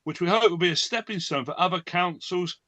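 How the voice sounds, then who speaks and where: Man hosting an online talk: bright, stop-start, dry close sound. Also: sits high, brisk, dry recording. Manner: hesitant, many fillers and restarts. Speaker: host. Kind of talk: online event presentation.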